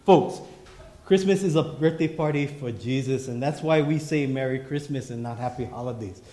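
A pastor preaching a sermon in emphatic, repeating refrains. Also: male voice, medium pitch, moderate pace, dark tone, reverberant.

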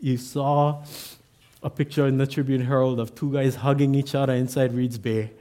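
A man's voice: medium pitch, level tone, normal speed, warm tone. A man, an assistant pastor, telling a personal story in a sermon with self-deprecating humor.

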